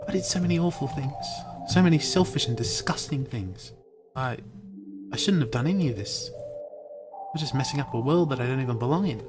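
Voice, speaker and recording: A man voicing a heartbroken, obsessive teenage club president girl in a put-on British accent, pleading and halting in a live dramatic reading of a visual novel. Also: mid-range voice, lively intonation, music in the background, pitched above the performer's own voice, natural voice. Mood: despairing.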